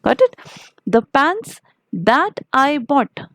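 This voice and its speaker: A woman's voice: high-pitched, very animated, very slow, no echo. A woman with an Indian English accent teaching an online grammar class, explaining step by step and often checking in with "okay" and "got it".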